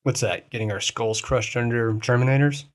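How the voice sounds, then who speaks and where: A man's voice: mid-range voice, steady tone, moderate pace. A man co-hosting a podcast in casual chat, teasing his friend and rambling, swearing freely. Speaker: podcast co-host.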